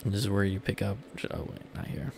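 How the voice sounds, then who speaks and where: A young male streamer talks loosely with his viewers while gaming, rambling and casually swearing. His low, gravelly voice moves quickly with little pitch change, and a faint hiss sits behind him.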